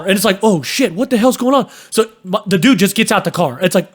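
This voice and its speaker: A young man casually telling a story on a podcast, animated, cursing and acting out sounds and voices. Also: high-pitched, fairly quick, few pauses. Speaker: podcast host.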